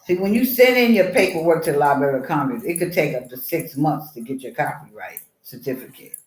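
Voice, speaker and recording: A woman author telling a personal story in an animated way, acting out the voices of the people in it. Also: low-pitched, a little fast, echoey room, rough recording. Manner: expressive, acts out voices in her story. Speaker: author guest.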